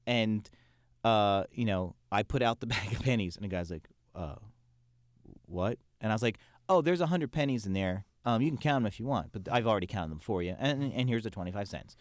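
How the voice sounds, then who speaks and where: A man telling a casual story on a podcast, with lively acted-out quotes. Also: lowish voice, quick pace, dry recording, studio quality. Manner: animated anecdote with acted quotes. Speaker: podcast guest.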